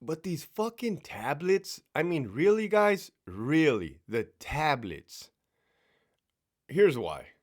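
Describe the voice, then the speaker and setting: A man's voice: a little high, big pitch swings, takes it slowly. A man, a former prison sergeant, ranting bluntly and profanely in a casual vlog, often repeating and restarting words.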